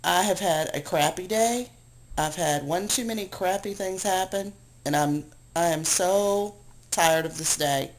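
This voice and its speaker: A woman's voice: fairly low pitch, unhurried, poor audio. Worn-out woman venting to her camera. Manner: rambling, self-deprecating, exasperated. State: worn out and low after crying. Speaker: video blogger. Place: at home. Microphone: handheld camera she aims at herself.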